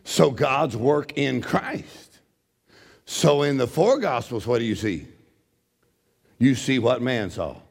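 A middle-aged man preaching a sermon as a pastor, with a gravelly voice, swinging from loud shouting to low joking asides. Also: animated, slow, long pauses.

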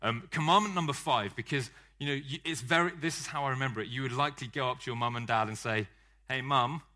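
A man's voice: mid-range voice, quick pace, bright, forceful tone. A man preaching a sermon in a conversational style, joking and poking fun at himself. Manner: conversational, joking, self-deprecating.

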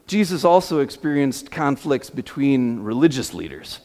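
A man's voice: mid-range voice, very animated, moderate pace, a little mellow. A man preaching a sermon, telling stories with many fillers and restarts. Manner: storytelling with repeated fillers and restarts. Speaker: pastor. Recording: long hall reverb.

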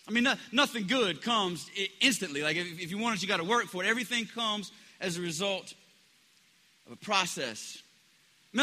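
A man's voice: sits high, bright, forceful tone. A man preaching a sermon in a conversational way, often restarting his sentences and acting out the people he quotes. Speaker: pastor. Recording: preached in a reverberant hall.

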